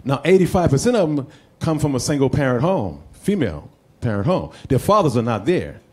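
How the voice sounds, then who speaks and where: Mellow-voiced man urging action. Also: medium pitch, very animated, a little fast. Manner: earnest, urging the community to act. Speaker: panelist. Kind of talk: panel talk.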